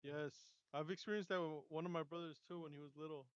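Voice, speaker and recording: A man co-hosts a casual podcast, reading viewer comments and giving short, laid-back reactions. His voice sits a little high and sounds smooth. The recording is close, dry and slightly dull. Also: steady tone, fast, no echo. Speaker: podcast co-host.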